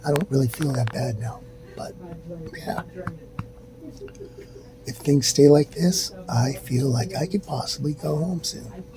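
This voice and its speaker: Ill in a hospital room, a middle-aged man records a casual self-filmed update, unhurried and with long pauses, sighing often and sometimes whispering. The audio is poor, with crowd noise and a constant low rumble behind him.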